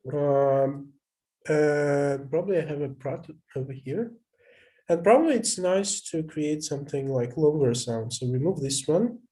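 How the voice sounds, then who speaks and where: A man's voice: fairly high pitch, warm tone. Hesitant man teaching over a video call. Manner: thinks aloud with frequent hesitations and restarts. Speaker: instructor. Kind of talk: live online lecture with screen sharing.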